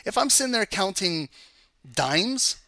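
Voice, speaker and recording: A man talks viewers through charts in a chatty, energetic walkthrough and teases them along the way. His voice is bright and forceful, sitting a little high for a man. The sound is close and dry. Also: unhurried, dry recording. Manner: energetic, chatty, teasing the audience. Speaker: trading educator. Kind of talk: live market analysis walkthrough.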